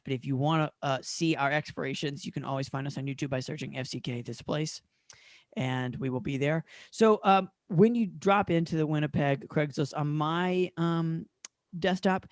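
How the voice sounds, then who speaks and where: A man's voice: a little high, normal speed, dry recording. Dry, jokey male podcast co-host. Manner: laughs often, loose and jokey. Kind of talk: casual podcast chat.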